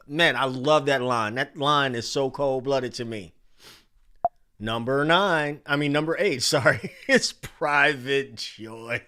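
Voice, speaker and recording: A man in his forties hosting a casual livestream, reading chat names aloud in an animated way. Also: mid-range voice, slow pace, clean tone. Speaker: livestream host.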